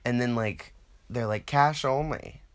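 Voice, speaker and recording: A man telling a rambling, profane comedic story, quoting other people in animated put-on voices. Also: medium pitch, measured pace. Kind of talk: casual comedic monologue.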